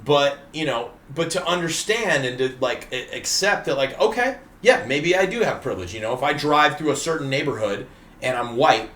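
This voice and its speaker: A man's voice: mid-range voice, moderate pace. A man, a comedian guest on a podcast, talking casually and with strong opinions. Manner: animated, opinionated, acts out voices in his stories. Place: podcast studio. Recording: roomy studio sound.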